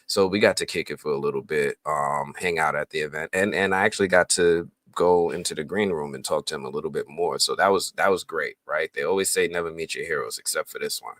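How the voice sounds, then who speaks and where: A man, a film critic, telling a story in a relaxed, casual way. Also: a bass voice, fast talker, hardly any pauses, no echo. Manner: relaxed storytelling, laughs often. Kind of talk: casual chat.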